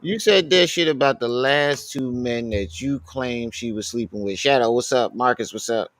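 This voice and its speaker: A man's voice: mid-range voice, normal speed, a bit bright, dry recording. A man hosting a casual live commentary stream, reading out the chat and talking back at a clip.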